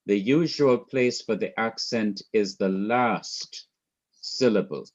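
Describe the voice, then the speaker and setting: Slow, methodical male teacher. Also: on the low side, lo-fi sound. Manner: methodical, repeats points and quizzes the student. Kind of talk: class lecture.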